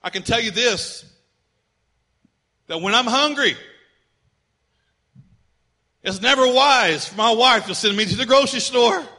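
A middle-aged male pastor preaching a sermon conversationally, telling humorous personal stories and swinging between loud emphasis and quiet asides. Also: very high voice, a little slow, long pauses.

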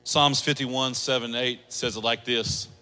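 A male pastor preaching a sermon to a congregation, lively, switching between quiet asides and acted-out quotes. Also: mid-range voice, measured pace, in a large hall. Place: church hall.

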